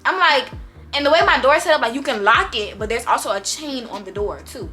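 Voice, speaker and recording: A young woman telling a story to her viewers, animated and full of slang. Her voice sits high and bright, and faint music plays underneath. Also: a little fast. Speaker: vlogger. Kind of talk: storytime vlog.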